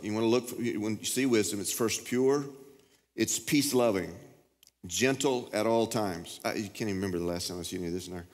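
A man with a Texan accent preaching a sermon as pastor, with emphatic, impassioned delivery that jumps up in pitch when he gets revved up. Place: large church hall. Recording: reverberant church hall.

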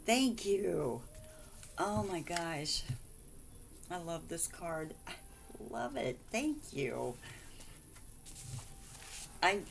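A woman's voice: low-pitched, slight background noise. A woman vlogger chatting casually and gushing over cards and mail sent by friends, exclaiming and giggling often.

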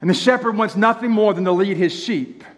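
A man preaching a sermon to a congregation, emphatic and drawing out key phrases, often asking them rhetorical questions. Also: high-pitched. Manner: emphatic preaching with slow drawn-out lines. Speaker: pastor. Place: church sanctuary. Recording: long church hall reverb.

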